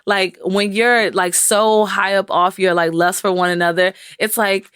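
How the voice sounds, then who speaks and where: Animated young woman, close and dry. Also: unhurried, few pauses, clean tone, no room sound. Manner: animated storyteller, acts out quoted voices in a high pitch. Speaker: podcast co-host. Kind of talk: casual relationship chat.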